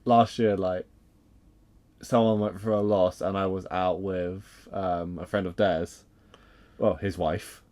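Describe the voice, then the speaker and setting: A young man in his twenties, co-hosting a casual podcast chat, laughing easily and tossing in quick agreements. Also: sits low, steady tone, a little mellow. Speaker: podcast co-host.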